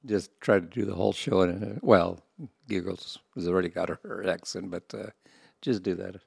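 A man's voice: low voice, normal speed, gravelly, a little mellow, breathy edge, dry recording, studio quality. A man co-hosting a casual podcast, joking with hesitant restarts. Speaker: podcast co-host. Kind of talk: casual chat.

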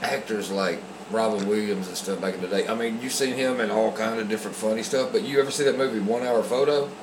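An agreeable, thoughtful man joins a casual podcast chat, often trailing off mid-thought. His mid-range voice bounces around an echoey room. A steady background hum sits under everything. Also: fairly low pitch, quick pace.

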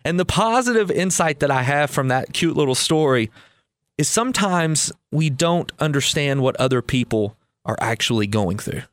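A man's voice: on the high side, expressive, moderate pace, fairly bright tone, dry recording, studio quality. Man hosting a retirement podcast. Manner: friendly, reflective, with filler restarts. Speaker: podcast host. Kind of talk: casual podcast talk and storytelling.

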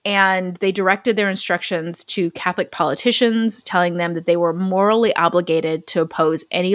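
A woman's voice: on the low side, no echo, clean studio sound. A woman co-hosting a podcast, telling a true story in a chatty, casual way with lots of "like" fillers. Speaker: podcast co-host.

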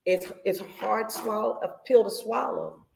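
A woman on a faith podcast, telling her story in a lively, preachy way and acting out her own prayers. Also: medium pitch, normal speed, creaky, slight background noise. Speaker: podcast co-host. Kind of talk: casual faith podcast talk.

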